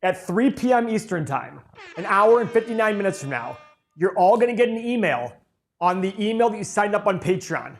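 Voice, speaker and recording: A man co-hosting a live stream, explaining a software release step by step in an upbeat way. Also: high voice, very animated, normal speed, gravelly. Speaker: co-host announcing a software release.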